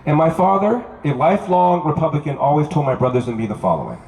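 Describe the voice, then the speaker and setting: A political candidate from Los Angeles addresses an outdoor campaign rally, telling stories and driving home short, punchy repeated lines. His voice is a little high and darkish, fast with lively intonation. The recording is echoey, with crowd noise in the background.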